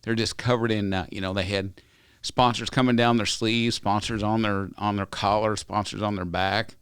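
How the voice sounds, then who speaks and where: In a casual podcast interview, a man who owns a ranch company shares rambling, folksy, earnest stories. His lowish voice is smooth and fairly bright, moving at a normal speed with fairly even intonation. There's no echo.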